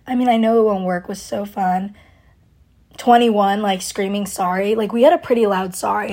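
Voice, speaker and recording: A woman's voice: mid-range voice, steady tone, moderate pace, darkish tone. A young woman hosting a podcast, gushing and rambling in casual fan chat, full of likes and ums. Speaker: podcast host.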